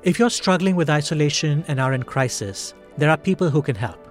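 Man with a slightly high voice hosting. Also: expressive, brisk, soft background music. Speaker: podcast host. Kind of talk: scripted narration.

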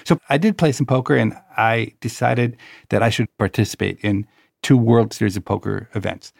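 A man's voice: on the low side, moderate pace, creaky, no echo, clean studio sound. A man hosting a conversation, telling a personal story in a wry, anecdotal way.

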